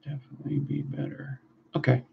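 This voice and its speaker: A man's voice: on the high side, flat delivery, fairly quick, vocal fry. A man streaming live while he builds coils, talking in a loose, profane way with his viewers. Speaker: livestreamer building vape coils. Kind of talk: casual livestream chat. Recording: dull lo-fi stream audio with faint noise.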